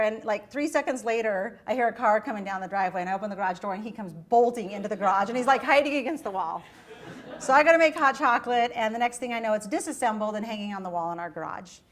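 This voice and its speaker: A middle-aged woman giving a university lecture, telling a chatty story in an animated way and acting out the quoted voices. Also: fairly high pitch. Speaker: guest lecturer.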